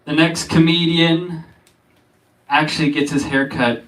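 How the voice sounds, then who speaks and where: A man hosting a comedy club night, introducing acts in a slow, halting, rambling way. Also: fairly high pitch, fairly even intonation, crowd noise. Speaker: comedy show host. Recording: distant mic, faint noise.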